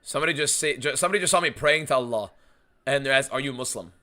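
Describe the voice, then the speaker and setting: A young man hosting a live fight watchalong stream, talking casually and excitedly, swearing a lot and reading out viewer messages. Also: medium pitch, quick pace. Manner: excitable, profane, reads chat aloud.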